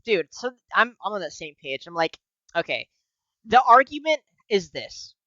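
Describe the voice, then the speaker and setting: A man co-hosting a casual political podcast, talking in a profane, animated way and laughing often. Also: high voice, moderate pace, dry recording, lo-fi sound. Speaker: podcast co-host.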